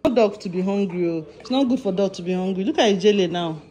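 A woman's voice: medium pitch, fast talker, mellow. A woman vlogging casually at home, coaxing and calling her dogs and laughing often. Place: home indoors.

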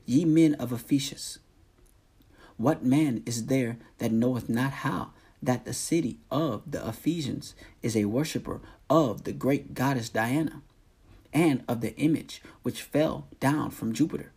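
A man reading the part of a town clerk calming a crowd, in a slow, measured, solemn manner. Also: mid-range voice, vocal fry, husky. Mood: placating.

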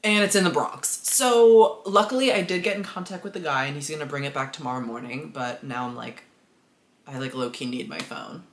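A man's voice: fairly high pitch, a little fast, a bit bright, echoey room. Dramatic, gushing young vlogger man. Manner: dramatic, self-deprecating, gushing. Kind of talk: casual vlog chatter.

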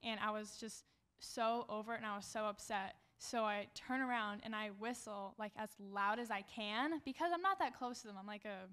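A woman's voice: medium pitch, moderate pace, a bit bright, smooth. A young woman co-hosting a student podcast, telling a work story in a chatty way and often saying "like". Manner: chatty, says "like" often, acts out quotes. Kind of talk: casual storytelling.

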